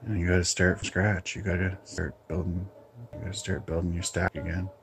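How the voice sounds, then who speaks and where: A man hosting his own channel, ranting bluntly in a casual, halting monologue. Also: low-pitched, level tone, slight background noise. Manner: blunt, opinionated, halting with restarts. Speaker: channel host.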